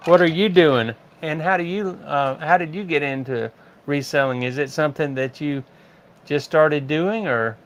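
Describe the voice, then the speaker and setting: A man's voice: on the high side, normal speed. Easygoing older man chatting. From rural United States. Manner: reads viewer comments aloud, laughs easily. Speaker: livestream host. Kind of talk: casual livestream chat.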